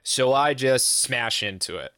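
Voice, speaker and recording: A man's voice: medium pitch, unhurried, smooth, no echo. Profane storytelling man, dry close mic. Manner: profane, animated, acts out quoted voices. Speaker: podcast host. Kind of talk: casual storytelling.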